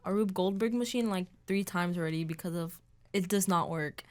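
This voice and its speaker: A woman's voice: fairly low pitch, brisk, darkish tone. A teenage girl student talking about her program in a hesitant casual chat, with many fillers. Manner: hesitant, lots of ums and likes.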